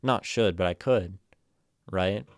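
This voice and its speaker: A man's voice: deep voice, takes it slowly, no echo, studio quality. A man streaming casual talk about poetry, rambling and thinking aloud, with a self-amused edge.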